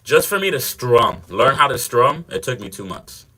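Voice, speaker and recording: A man's voice: medium pitch, sing-song, normal speed, sharp tone, slightly rough. A young man hosting a fitness livestream, chatting casually with viewers in a slangy, laid-back way.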